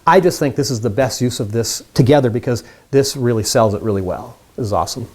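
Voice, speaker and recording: A man's voice: medium pitch, quick pace, a little mellow. A man teaching mind reading magic tricks in a casual, upbeat tutorial, chatting straight to the viewers.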